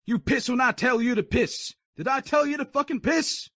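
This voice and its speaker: Guy doing a high barking drill sergeant, cussing and taunting, dull dry audio. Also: big pitch swings, moderate pace, fairly bright tone, husky, no echo, exaggerated voice. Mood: menacing. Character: harsh yelling male army drill sergeant.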